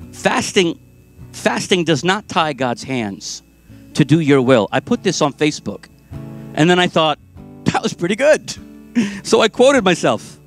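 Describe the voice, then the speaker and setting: A pastor preaching a sermon with passion, moving between loud, urgent lines and hushed ones. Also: male voice, high voice. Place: church sanctuary.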